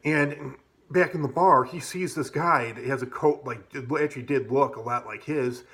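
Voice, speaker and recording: A man's voice: mid-range voice, moderate pace, fairly bright tone. A man telling a casual personal story, rambling and profane, full of fillers. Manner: rambling, profane, many fillers like "like" and "you know". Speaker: vlogger.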